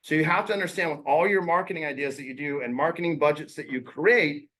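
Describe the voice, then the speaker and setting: A man coaching real estate agents in a casual, blunt way, using slang and quick impressions of clients. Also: fairly high pitch, sharp tone.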